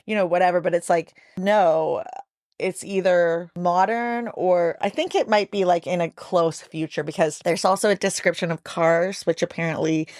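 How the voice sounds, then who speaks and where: Lower-voiced woman podcast cohost, chatty, rambly, dry close mic. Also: fairly even intonation, normal speed, a little mellow, dry recording. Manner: chatty, thinks aloud with many "like"s. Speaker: podcast co-host. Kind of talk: casual book-discussion chat.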